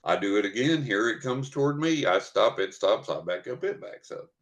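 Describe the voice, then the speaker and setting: An older man from West Texas, a podcast guest telling a personal story in a lively way. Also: on the low side, moderate pace. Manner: animated storyteller who acts out what people said.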